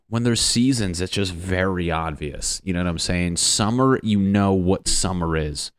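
Deep-voiced young man from Connecticut, rambling. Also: normal speed, few pauses, dry recording. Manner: profane, joking, meandering. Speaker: vlogger. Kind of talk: rambling casual monologue.

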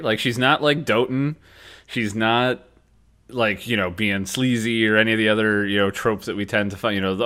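A man co-hosting a casual podcast chat, slangy and animated, often acting out characters' lines. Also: on the low side, moderate pace. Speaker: podcast co-host.

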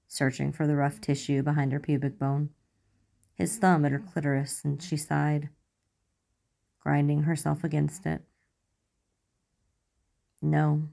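A woman narrating romance fan fiction aloud in a measured, soft storytelling manner. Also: low voice, vocal fry.

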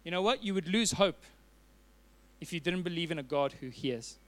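A man's voice: fairly high pitch, expressive, normal speed, a bit bright. A man preaching a sermon as a pastor, telling a personal story with earnest fillers and restarts.

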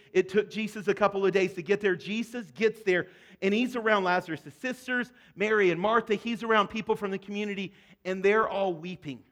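A man preaching a sermon, speaking earnestly and directly to his congregation, with quieter, softer passages on the emotional points. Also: sits high. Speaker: pastor.

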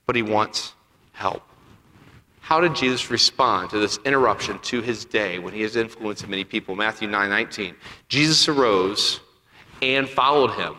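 A man preaching a sermon, swinging between loud emphatic peaks and quiet asides. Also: lowish voice. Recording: echoey hall with long reverb.

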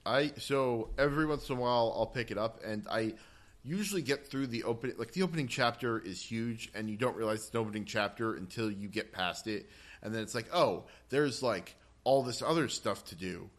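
A man's voice: medium pitch, fairly quick. A man co-hosting a casual gaming podcast, rambling with many fillers and restarts. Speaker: podcast co-host.

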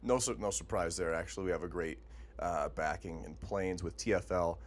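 A man's voice: sits low, moderate pace. Joking, laughing man podcast co-host. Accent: Montana. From Montana. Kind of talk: casual chat.

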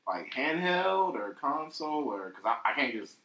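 A young man chatting casually and profanely on a podcast, rambling and animated. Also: mid-range voice, normal speed. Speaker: podcast co-host. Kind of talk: casual chat. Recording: echoey room.

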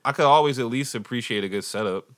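A man in his thirties, a podcast host, telling animated stories in casual chat and laughing often. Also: medium pitch, fast, no room sound, clean studio sound.

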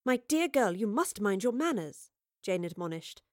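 A woman's voice: on the high side, very animated, normal speed, a little mellow, no room sound, studio quality. A woman voicing a kindly, genteel lady who gasps and sounds friendly but concerned, in an audiobook. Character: kindly, genteel young lady, easily startled. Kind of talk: audiobook character voice.

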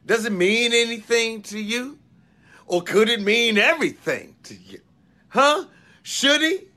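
A man, a comedian and radio host, speaking in a drawn-out, sing-song cadence in a clip played from a social media video. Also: very high voice, sing-song, bright, forceful tone.

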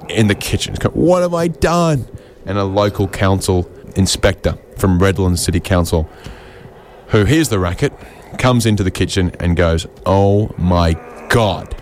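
A man doing an absurd stand-up set, rambling and deadpan, often interrupting himself. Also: sits low. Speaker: stand-up comedian.

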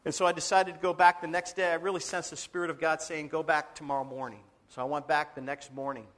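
A man's voice: on the high side, flat delivery, fast talker, fairly bright tone. A man, a pastor, telling a story in a sermon, earnestly acting out the dialogue of the people in it. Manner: earnest, dramatic retelling with quoted dialogue.

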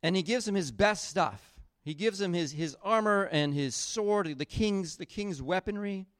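A man preaching a sermon, retelling a Bible story in a casual, animated way with acted-out quotes. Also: sits high, unhurried, dry recording, clean studio sound. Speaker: pastor.

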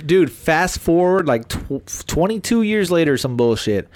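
A man's voice: a little high, a little slow, no echo, clean studio sound. A man, telling a spooky childhood story in casual, profanity-heavy chat and acting out the voices of the people in it. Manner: animated, profane, acts out voices.

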